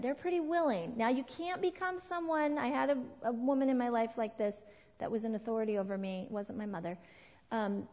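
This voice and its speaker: A woman in her forties giving an earnest, emphatic sermon to a women's group, slowing down to stress key words. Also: high voice, a little mellow. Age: 40s. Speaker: women's ministry speaker. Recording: dull sound with long hall reverb.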